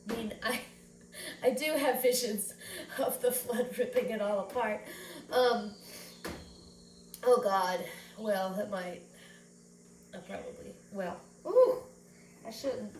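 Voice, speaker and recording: A woman's voice: mid-range voice, slow pace, long pauses. Emotional woman vlogging from afar. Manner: rambling, emotional, close to tears. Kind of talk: personal vlog monologue. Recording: roomy echo, far from the mic, faint background noise.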